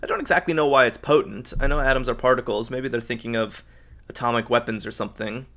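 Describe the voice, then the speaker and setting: A man's voice: medium pitch, fast talker, a bit bright. A man hosting a live crossword stream, thinking aloud in an upbeat way and reading out viewers' answers. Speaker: host of a live crossword solve. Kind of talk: live-stream puzzle solving, chatting with viewers.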